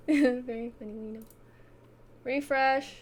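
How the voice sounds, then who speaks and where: Woman streamer, high and unhurried, reacting with self-mocking giggles. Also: a bit bright. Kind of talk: casual live-stream chat.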